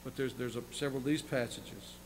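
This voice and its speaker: A man's voice: mid-range voice, fairly even intonation, fast, slight background noise, poor audio. A male pastor preaching a sermon, reading scripture passages and then explaining them in plain asides, often repeating words and restarting phrases. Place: church sanctuary.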